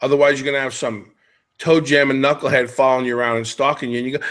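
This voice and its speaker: A man's voice: medium pitch, fairly even intonation, fast, a bit bright. A middle-aged man hosting a podcast, chatting casually and jokily as he wanders off on tangents. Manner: rambling, jokey, jumps between tangents. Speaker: podcast host.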